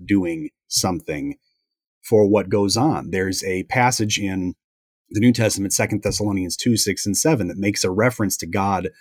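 A man in a conversational Bible discussion, explaining in a measured way. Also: low voice, dry recording, clean studio sound. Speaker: Bible teacher.

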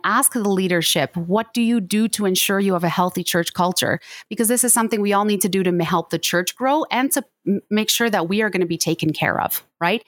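A woman's voice: medium pitch, dry recording, clean studio sound. A woman guest on a podcast, speaking earnestly and pleadingly in long flowing runs. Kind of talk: earnest interview conversation.

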